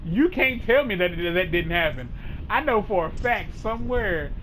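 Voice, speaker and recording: A man hosting a casual podcast chat, telling a long story in a rambling, animated way, full of "like" and restarts. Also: high-pitched, normal speed, a crowd in the background, rough recording. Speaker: host.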